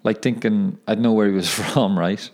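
Speaking on the low side with fairly even intonation, this young man talks at a moderate pace in a darkish tone. He's a pro footballer hosting his own podcast solo, chatting casually, rambling, self-correcting and laughing at his own remarks.

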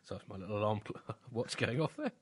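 A man's voice: fairly low pitch, expressive, fast, slightly rough. A man co-hosting a satirical comedy chat, with dry, wry asides. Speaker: podcast co-host.

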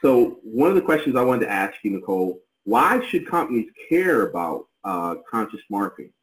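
A man's voice: fairly low pitch, very animated, normal speed, reverberant, poor audio. A man co-hosting a podcast, talking in an effusive, rambling, enthusiastic way. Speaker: podcast co-host. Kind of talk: casual podcast chat.

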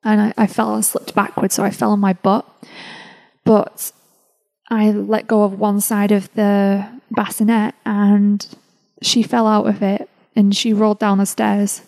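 A woman podcast host telling a personal story in an emotional, halting way, with many restarts. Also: medium pitch, flat delivery, creaky, a little mellow, rough recording.

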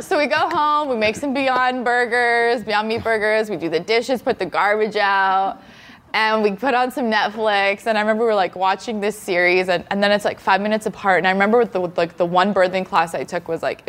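A woman guest on a podcast, an animated storyteller who laughs often as she talks. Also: mid-range voice, brisk. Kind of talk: casual storytelling.

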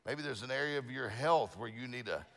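A man's voice: medium pitch, fairly quick, vocal fry, a bit bright, big-room sound. A middle-aged male pastor preaching a sermon, telling folksy stories with lots of restarts and fillers. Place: church sanctuary.

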